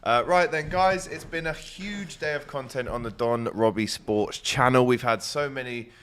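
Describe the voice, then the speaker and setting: A man hosts a live-streamed show. He keeps the talk casual and teasing, joking with his guests in a mid-pitched voice. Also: normal speed, a bit bright, slight background noise. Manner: teasing, jokey. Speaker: show host.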